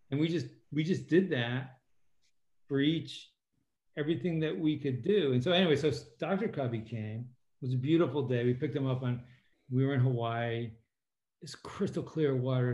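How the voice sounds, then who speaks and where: A middle-aged man talks as an interview guest and spins his stories with energy, slipping into other people's voices as he quotes them. He sits at an ordinary pitch, and the sound is roomy and a little dull. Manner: animated storyteller, quotes people in lively voices. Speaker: guest, former submarine captain and author. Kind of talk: conversational interview storytelling.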